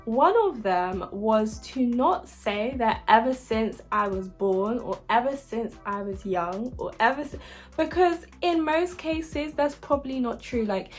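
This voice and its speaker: A woman's voice: a little high, measured pace, soft background music. A young woman from the UK giving casual advice about university applications, chatty and upbeat with frequent fillers. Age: young adult. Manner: chatty and upbeat, lots of likes and ums.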